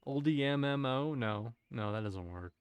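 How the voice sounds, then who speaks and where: A man's voice: mid-range voice, lively intonation, moderate pace, clear, resonant tone, dry recording. A man streaming a game, chatting casually to his viewers, musing aloud in a rambling way and often cutting himself off mid-thought. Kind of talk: casual live-stream chat while gaming.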